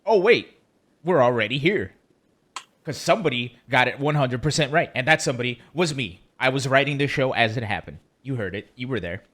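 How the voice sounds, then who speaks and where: A man's voice: mid-range voice, expressive, brisk, a bit bright. A man co-hosting a casual podcast, chatty and joking, rambling with fillers. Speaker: co-host.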